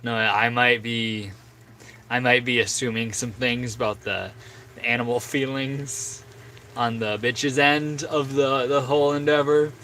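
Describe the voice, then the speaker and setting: A man's voice: medium pitch, level tone, a little slow, bright, forceful tone, a little hiss or hum, rough recording. A man livestreaming, rambling and joking in a casual chat while talking to his dog.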